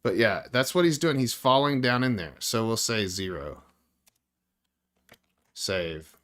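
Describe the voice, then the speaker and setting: Male indie dev streamer, sharp bright tone, profane and fed up, walks viewers through code. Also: lowish voice, expressive, a little slow. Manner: frustrated, swears constantly, talks to viewers. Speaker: indie game developer streaming. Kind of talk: live coding stream, thinking aloud.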